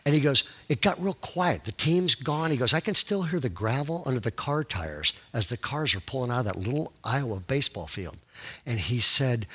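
Bright-voiced animated preacher man. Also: mid-range voice, brisk. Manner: animated storyteller, swings from hushed to loud. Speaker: pastor. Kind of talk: sermon storytelling.

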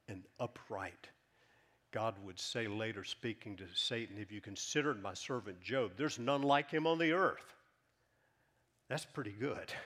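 A man preaching a sermon, reading scripture aloud with rising emphasis and dropping softer when he explains. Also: on the low side. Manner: reads scripture aloud with rising emphasis, then drops soft; earnest, measured teaching. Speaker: pastor.

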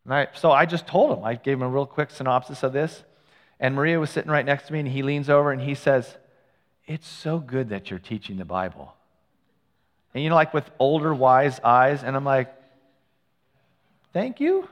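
Male pastor, mid-pitched, chatty storytelling sermon, long church reverb. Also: fairly even intonation, fast. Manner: conversational, storytelling with asides and self-corrections. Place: church sanctuary.

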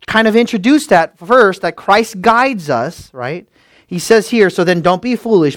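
Man, pastor, sermon, fairly high voice, close dry sound, loud outbursts and quiet asides. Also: no echo. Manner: animated preaching, swinging from loud exclamations to hushed asides.

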